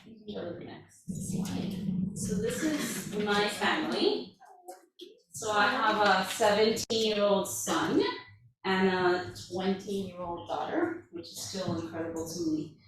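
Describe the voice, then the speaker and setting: A woman's voice: mid-range voice, takes it slowly, far from the mic, slight background noise. A woman in her forties, a parenting coach, giving a candid, conversational talk to a live audience, emotional at moments. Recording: echoey room, mic from afar.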